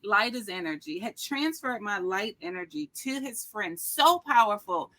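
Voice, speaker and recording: A middle-aged woman guest telling an inspirational personal story with an animated, emphatic, preacherly delivery. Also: fairly high pitch, moderate pace. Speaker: podcast guest.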